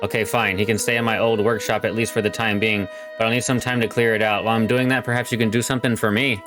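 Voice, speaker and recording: A man's voice: on the low side, little pitch movement, quick pace, music in the background, close to an everyday voice. Man doing a weary old whaler, ish. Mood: gruff. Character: gruff old male retired whaler, weary.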